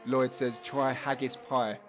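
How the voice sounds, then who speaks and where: A man with a Cockney London accent commentates a sim race live, chatty and playful, bouncing between lap times and messages from his chat. His pitch sits mid-range, and faint music plays behind him. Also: little pitch movement, takes it slowly. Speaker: race commentator and stream host.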